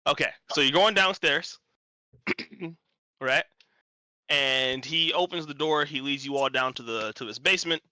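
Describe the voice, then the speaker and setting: A man's voice: a little high, unhurried, pauses often, pushed and bright, no room sound, poor audio. A man narrating as game master in a tabletop game stream, casual and rambling. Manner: rambling, casual, self-correcting.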